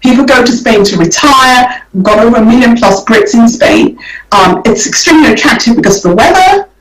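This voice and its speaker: A woman's voice: a little high, animated, brisk, recorded from a distance. A woman guest on a radio show, explaining property investment in an easygoing way and often repeating words while she thinks. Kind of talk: radio interview. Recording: roomy sound from off the mic.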